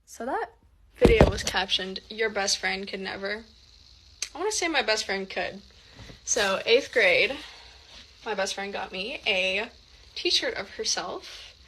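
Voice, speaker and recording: A young woman talks straight to her camera in a relaxed storytelling way. Her voice is bright and forward, and she sounds amused as she runs through one event after another. There is a faint hum of room noise behind her. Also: mid-range voice, unhurried, rough recording. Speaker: TikTok creator.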